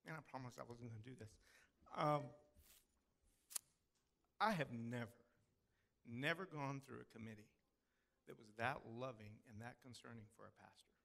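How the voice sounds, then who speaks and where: A man's voice: medium pitch, moderate pace, vocal fry, pauses often, sharp tone. A man from the Texas hill country with a Texan accent, preaching a sermon as pastor in folksy storytelling style. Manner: folksy storytelling with drawled phrases.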